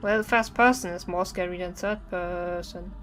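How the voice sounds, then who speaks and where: A young woman streaming horror games, chatting nervously and singing to herself to stay calm. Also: lowish voice, moderate pace, slight background noise. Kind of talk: live-stream gameplay commentary. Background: faint game music.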